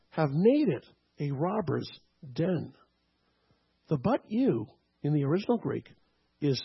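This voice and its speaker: Male pastor, teaching sermon, slightly raised pitch, husky, muffled recording. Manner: teaching tone, frequent "okay?" and "right?" checks.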